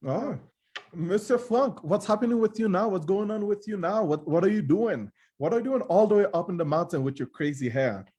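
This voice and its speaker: A man's voice: sits high, animated, a little fast, mellow, slightly rough. A man hosting a casual live-stream show over a video call, playful and teasing as he brings in his guests. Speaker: show host.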